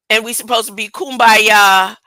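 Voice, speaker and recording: A woman's voice: on the high side, pushed and bright, no room sound, poor audio. A woman preaching an informal sermon, emphatic and colloquial, full of rhetorical questions.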